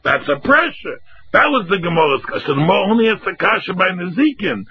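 A man's voice: high-pitched, quick pace. Guy w tinged teaching gemara, singsong up and down, muffled lo-fi audio. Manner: animated, acts out both sides in a lively singsong. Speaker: Talmud teacher. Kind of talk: Talmud class lecture. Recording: dull lo-fi recording.

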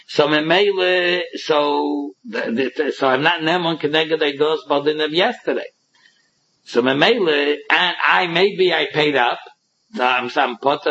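A man's voice: on the high side, a bit bright, husky. A man giving a Talmud lecture, explaining each passage by acting out both sides of the dispute. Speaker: Talmud teacher. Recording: dull lo-fi recording.

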